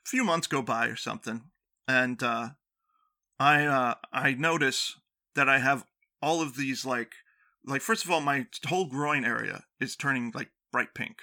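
A man's voice: medium pitch, a little slow, pushed and bright. A man telling a long, self-deprecating story in casual chat, rambling with many fillers and restarts.

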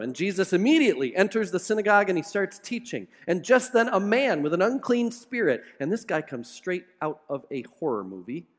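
High-voiced guy preaching in a church, lively dramatic storytelling, long echo tail. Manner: animated dramatic storytelling with humor. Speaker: pastor. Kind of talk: sermon.

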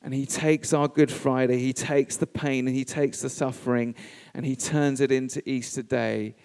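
A man preaching a sermon, speaking in measured, emphatic phrases with pauses. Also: medium pitch, fairly even intonation, a little mellow, clear, resonant tone. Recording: reverberant church hall.

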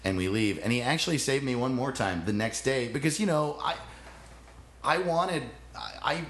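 A comedian guest telling a funny story in casual chat, laughing often and swearing freely. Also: male voice, medium pitch, lively intonation, normal speed, fairly bright tone, roomy sound, slight background noise.

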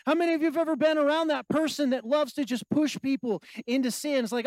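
A man preaching a sermon, asking the congregation questions and swinging between loud exhortation and quiet asides. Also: very high voice, lively intonation, fast talker, no room sound, low-quality recording. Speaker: pastor.

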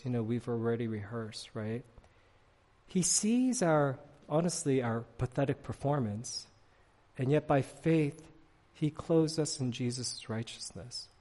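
A man's voice: medium pitch, long reverb tail. Conversational man preaching a sermon. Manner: conversational, animated storytelling with frequent "right?" asides. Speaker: pastor. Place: church sanctuary.

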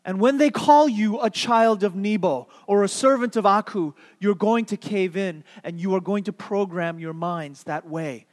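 Male pastor, high voice, animated sermon storytelling, long hall echo. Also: normal speed, few pauses. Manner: animated storytelling, repeats key words for emphasis; playful, asks the audience questions.

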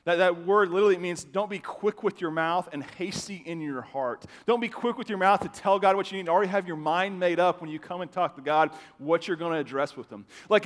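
A man preaching a sermon to his congregation, talking in a loose, conversational way with quick restarts. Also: sits high. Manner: conversational, animated, with stammered restarts. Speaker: pastor. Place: church sanctuary. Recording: long hall reverb.

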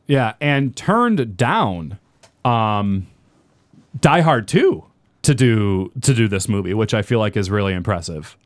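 A man's voice: fairly low pitch, animated, slow pace, no room sound. A man co-hosting a podcast in casual chat, rambling with fillers and restarts. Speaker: podcast co-host.

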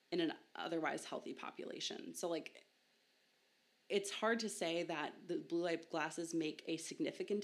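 Podcast host: young woman, low pitch, casual and self-mocking, laughs easily. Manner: chatty, self-deprecating, laughs often. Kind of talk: casual science podcast talk.

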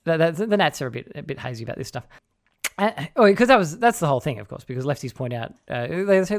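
A man with an Australian accent, co-hosting a casual political chat in a sardonic, animated way. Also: a little high, quick pace. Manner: sardonic, animated, mocking voices of opponents. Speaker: podcast co-host.

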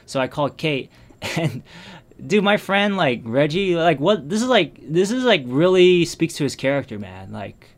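A man in casual conversation, telling a personal story in a subdued, reflective way, full of restarts and fillers that trail off quietly. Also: a little high, very animated, normal speed, gravelly.

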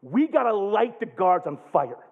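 A man in his thirties preaching, telling a funny camp story with excitable, jokey energy and loud bursts. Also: high-pitched, moderate pace. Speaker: pastor. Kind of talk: animated sermon storytelling. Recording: tinny phone-like sound.

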